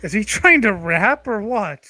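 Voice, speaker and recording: A young man co-hosting a podcast, bantering crudely, profane and teasing, quick to laugh. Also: high-pitched, lively intonation, sharp tone, no echo. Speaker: podcast co-host.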